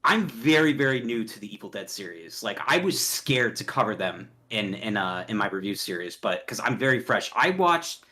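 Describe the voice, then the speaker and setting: Lively, bright-voiced young man chatting. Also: on the low side. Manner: animated, fast, laughing, does quick voices in anecdotes. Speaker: podcast guest, horror reviewer. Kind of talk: casual podcast chat.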